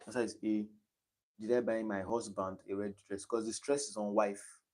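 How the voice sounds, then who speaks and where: Young Nigerian male tutor with a slightly low voice, repeats his points, patient and step by step on a live stream. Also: flat delivery, normal speed, a little mellow. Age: young adult. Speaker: online exam tutor.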